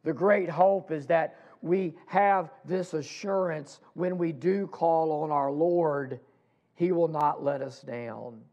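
Male pastor, sermon, slow deliberate delivery, fairly high gravelly voice. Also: darkish tone, muffled recording. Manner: slow, deliberate preaching with pauses and restarts.

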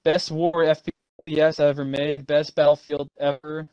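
A man's voice: a little high, level tone, normal speed, darkish tone, smooth, dry recording, highs cut off. A man reading game reviews aloud with friends over voice chat, laughing and incredulous. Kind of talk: casual voice-chat banter. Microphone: voice chat mic.

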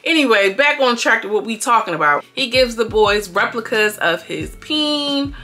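A woman's voice: fairly high pitch, lively intonation, moderate pace, sharp tone. A woman giving a casual, slangy recap of a reality show, chatting with viewers and acting out what the cast said. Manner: slangy, chatty, acts out quotes.

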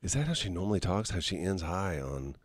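A man's voice: deep voice, expressive, fairly quick, husky, no echo. A man hosting a radio morning show in a studio, chatting playfully and animatedly with his co-host. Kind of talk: casual on-air banter.

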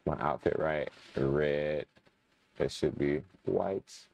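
A man's voice: rumbling low, slow pace, creaky, darkish tone, muffled recording, a little hiss or hum. A young man casually commenting while playing a game, chatting to his viewers and muttering when frustrated. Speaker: gaming channel host. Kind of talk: casual let's-play commentary.

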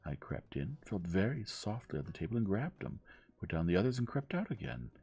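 A man reading gently, voicing a young man who talks in a casual, plain-spoken way. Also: on the low side, very animated, brisk, breathy edge, dull audio, voice pushed up, full character voice. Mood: anxious. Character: young man, wry and cornered.

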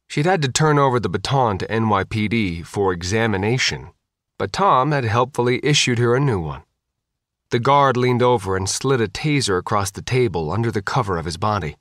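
Expressive male audiobook narrator. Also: lowish voice, fairly quick, dry recording, clean studio sound.

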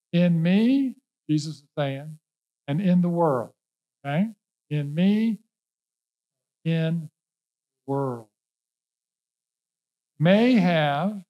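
A male pastor from Norfolk, Virginia preaches a sermon in an emphatic, folksy style, repeating key words and dropping in casual asides. His voice is a little high and a little mellow, and the audio quality is poor.

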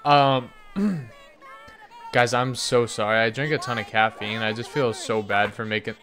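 Guy yelling at a baseball game he's playing, super hyped, cheers his players by name. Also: medium pitch, measured pace, some chatter behind. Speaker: gaming YouTuber. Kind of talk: excited game commentary.

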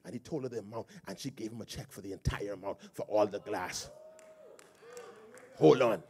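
A male pastor with a Bahamian accent preaching a sermon in church, swelling into shouted, sing-song cadences. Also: on the low side, normal speed.

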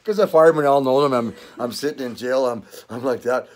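A man's voice: mid-range voice, fast, hardly any pauses, a little hiss or hum. An older man with a Canadian accent, chatting casually in a vlog, rambling, swearing and laughing often. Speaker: vlogger. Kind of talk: casual chat.

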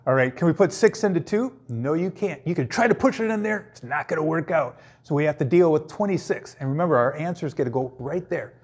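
A man's voice: a little high, expressive, a little fast, hardly any pauses, darkish tone, slightly rough. A man teaching a playful math lesson, cracking jokes and breaking into sing-song bits between steps. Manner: goofy, jokey, sings and puts on silly voices.

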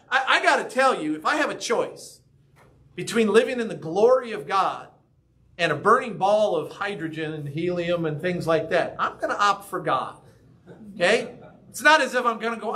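In a church sanctuary, a male pastor delivers a sermon in a high, pushed and bright voice with lively intonation and a moderate pace. He speaks conversationally, frequently checking in with "right?" and "okay?".

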